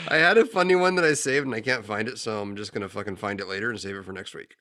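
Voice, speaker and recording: A man's voice: on the low side, pushed and bright. A man co-hosting a podcast in casual chat, ranting and swearing a lot, laughing often. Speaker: podcast co-host.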